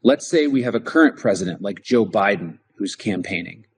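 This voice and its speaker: A man's voice: on the low side, expressive, normal speed. A man co-hosting a political talk show, explaining his points in a conversational way and often restarting his sentences. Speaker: podcast co-host.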